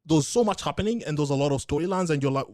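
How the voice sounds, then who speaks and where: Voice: medium pitch, animated, racing, warm tone, dry recording. A podcast co-host in casual chat, teasing with dry banter and laughing often.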